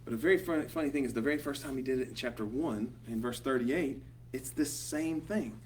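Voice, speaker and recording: In a small meeting room, a man with a Southern drawl runs a Bible study group, speaking briskly in a mid-range voice. He wanders from point to point, leaning on "um" and "you know," and the faraway mic carries a slight hum.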